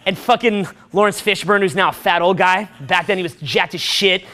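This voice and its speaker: A man delivers a profane dating-advice rant in a high, ringing voice. He swears constantly and gets more and more excitable, breaking into loud shouts as he acts out movie scenes. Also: normal speed.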